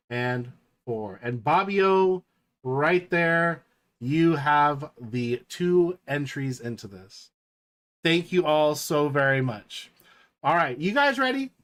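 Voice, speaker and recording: A man hosting a card-break livestream in casual chat, reading out names one by one and calling a mock horse race with rising excitement. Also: a little high. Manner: unhurried, reads names out one by one.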